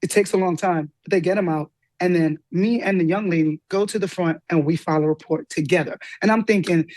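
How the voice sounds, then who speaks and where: A woman guest telling a personal story with lively energy, acting out the voices of the people in it. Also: no echo. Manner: lively, acts out quoted dialogue with big pitch jumps. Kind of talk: animated storytelling in an interview.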